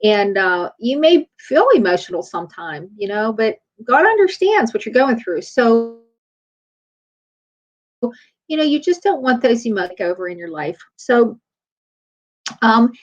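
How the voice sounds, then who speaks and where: A woman's voice: on the high side, big pitch swings, a little slow, pauses often. A middle-aged woman chiropractor giving a faith-based motivational talk in a conversational, storytelling way. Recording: dull lo-fi recording.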